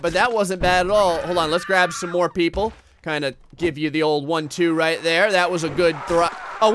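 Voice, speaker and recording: A man excitedly commentating his own gameplay, often shouting and laughing at what happens on screen. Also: high-pitched, slight background noise. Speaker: gaming channel host.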